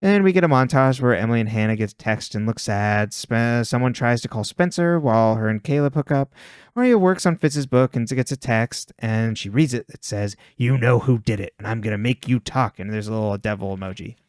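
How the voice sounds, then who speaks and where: A man's voice: mid-range voice, animated, fairly quick, darkish tone, clear, resonant tone, no echo, studio quality. A man co-hosting a podcast, recapping a show's plot in casual chat with a wry, laughing tone. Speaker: podcast co-host recapping episodes.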